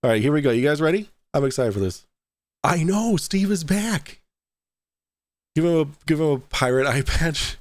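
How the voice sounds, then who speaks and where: A man's voice: medium pitch, quick pace, no room sound. A young adult man hosting a casual livestream, chatting loosely, reading out viewer donations and swearing now and then. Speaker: livestream host.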